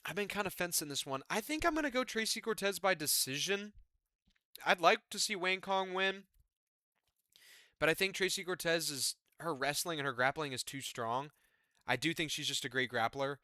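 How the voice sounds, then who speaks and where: Young male host, excitable and chatty fight-pick breakdown, bright forceful tone, dry close sound. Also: fairly high pitch, moderate pace, no echo. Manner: excitable, chatty, fillers like man and dude. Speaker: MMA fight predictor. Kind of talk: casual fight-card breakdown.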